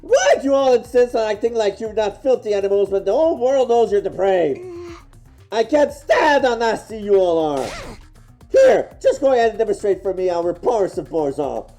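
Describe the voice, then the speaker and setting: A man's voice: high-pitched, big pitch swings, normal speed, dark tone, soft background music, voice pushed up. A man voicing a scornful, teasing young woman with mocking, theatrical disdain, while reading game dialogue aloud.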